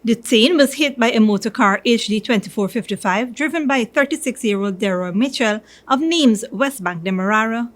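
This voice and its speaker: A woman with a Guyanese accent reading a news report voice-over in a measured, formal way. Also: on the high side.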